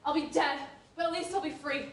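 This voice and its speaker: A woman's voice: high-pitched, fairly even intonation, fairly quick. A woman playing a grief-stricken young woman of a chorus who bitterly declaims that she would rather die than be taken. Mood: mournful. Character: grief-stricken young woman wishing for death over capture. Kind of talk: school stage play performance. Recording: very echoey stage from far off.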